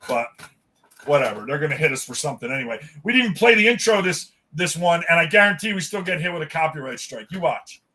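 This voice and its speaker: A man chats on a podcast with a bright, forceful voice that sits a little high. He tells stories with energy, acts out every line he quotes and swears without a second thought. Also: fast. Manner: animated storyteller, acts out quotes, swears freely. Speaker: podcast co-host. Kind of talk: casual chat.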